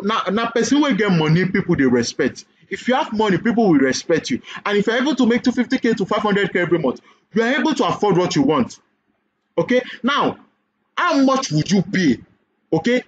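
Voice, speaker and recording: A man with a Nigerian accent giving a sales webinar pitch for an online business course, persuasive and full of repeated questions and "okay?" checks. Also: breathy edge, lo-fi sound.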